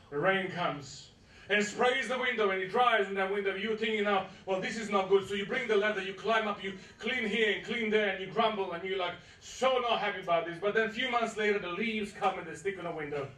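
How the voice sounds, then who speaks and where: A man's voice: high voice, sharp tone, distant mic. A male pastor giving a sermon, telling a story with playful asides to the congregation. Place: church hall. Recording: echoey church from afar.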